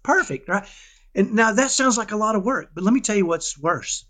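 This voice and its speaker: A man talking casually in an interview about raising his son, animated and often checking in with "right?". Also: high voice, normal speed. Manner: animated, keeps asking "right?"; acts out dialogues with his son. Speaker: parenting guest.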